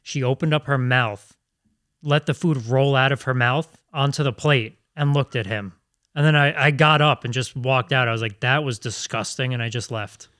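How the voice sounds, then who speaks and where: A man's voice: mid-range voice, steady tone, normal speed, a bit bright, no room sound, studio quality. A man co-hosting a podcast, reading out listener questions and chatting in a plain, matter-of-fact way.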